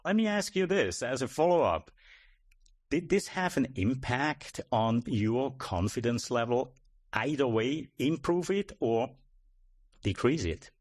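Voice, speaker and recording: A man's voice: mid-range voice, expressive, unhurried, a little mellow, dry recording, studio quality. A man who coaches presenters, a podcast guest explaining ideas in a reflective way, often checking in with a "right?". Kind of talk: casual podcast interview.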